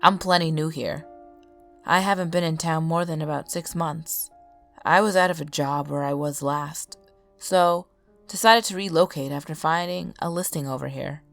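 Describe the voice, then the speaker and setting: A haunted, middle-aged drifter man tells his story in a flat, heavy tone, voiced by a woman narrating. The voice sits low with a gritty edge. Faint music runs underneath. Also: normal speed, creaky. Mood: weary. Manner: flat, even, burdened delivery.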